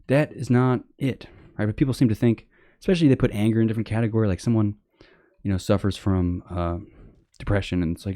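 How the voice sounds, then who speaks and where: Man, low-pitched, dark mellow voice, blunt casual rant, rambling with fillers, sarcastic high-pitched mockery, dry close sound. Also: quick pace, no echo. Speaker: podcast host. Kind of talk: casual opinion monologue.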